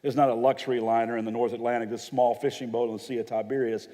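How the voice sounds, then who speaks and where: A man's voice: mid-range voice, little pitch movement, quick pace, mellow. Man preaching a dramatic sermon in a hall. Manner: dramatic storytelling, acts out quoted voices. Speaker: pastor. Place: church hall.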